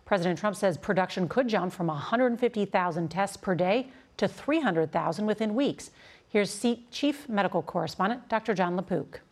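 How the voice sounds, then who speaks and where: A woman anchoring an evening newscast in a crisp, composed way. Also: medium pitch, lively intonation, moderate pace. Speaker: news anchor. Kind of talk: news anchoring.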